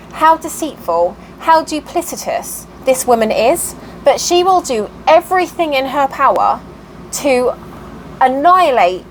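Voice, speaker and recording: High-voiced woman venting. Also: slight background noise, poor audio. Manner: animated, exasperated, acts out quoted voices. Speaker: cross-stitch vlogger. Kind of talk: casual storytelling monologue.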